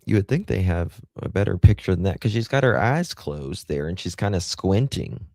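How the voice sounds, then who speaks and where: A man's voice: low voice, lively intonation, moderate pace, gravelly, darkish tone, no echo, studio quality. A man hosting a casual livestream. He rambles in a chatty way and talks back to viewers' comments. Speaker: livestream host.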